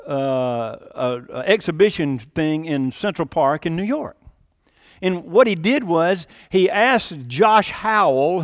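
A man preaching with a high, bright voice that leaps up for quoted lines and sinks low for quiet points. The delivery is animated and conversational, with a dry, close sound and no room echo. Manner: animated preaching, acting out quotes with sudden rises and drops. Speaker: pastor. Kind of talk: sermon.

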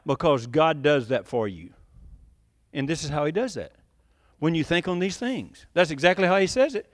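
A pastor with a high, light voice preaches a folksy, conversational sermon. He keeps asking the congregation questions and chuckles as he goes, and his voice sits close and dry with no room sound around it. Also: no echo. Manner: conversational, laughs often, asks the congregation questions.

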